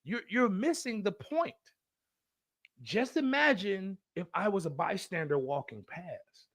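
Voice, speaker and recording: A man co-hosting a podcast in casual chat, telling animated, profane stories and acting out other people's voices. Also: high voice, measured pace, no echo, studio quality. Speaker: podcast co-host.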